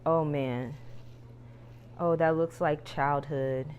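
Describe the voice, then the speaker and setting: A woman's voice: deep voice, steady tone, slow pace, a little mellow, a little hiss or hum. A woman hosting her own cooking vlog, chatting to viewers as she fries and tastes food. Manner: chatty, talks to viewers while frying and tasting. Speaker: cooking show host.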